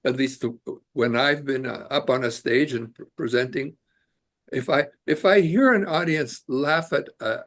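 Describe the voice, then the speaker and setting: Podcast guest: man with a husky, gravelly voice, earnest and halting in casual talk. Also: on the high side. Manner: earnest, searching for words as he talks. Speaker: guest, immigration attorney.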